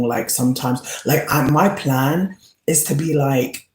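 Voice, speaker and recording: A man's voice: medium pitch, measured pace, a little mellow. Rambling, profane man in an echoey room. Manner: rambling, profane, full of "like" fillers; laughs often while talking. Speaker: streamer chatting with viewers. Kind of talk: casual livestream chat. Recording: roomy echo.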